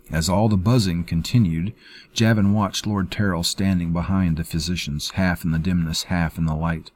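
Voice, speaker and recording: A man reading a fantasy story in measured, scripted narration. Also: low-pitched, steady tone, darkish tone. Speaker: audiobook narrator.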